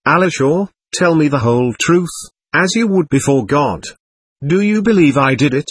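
Picture a desperate, impassioned young prisoner on the eve of his trial, begging his brother for the truth, voiced by a man reading an audiobook. The voice is husky and rises and falls a great deal, and it sounds dry and close. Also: fairly high pitch, expressive, moderate pace, no echo. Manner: desperate, pleading.

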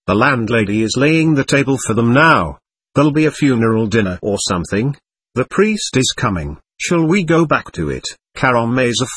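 A man reading a novel aloud, voicing a proud teenage schoolboy who talks in a brisk, earnest and irritable way. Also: medium pitch, big pitch swings, a bit bright, husky, no room sound.

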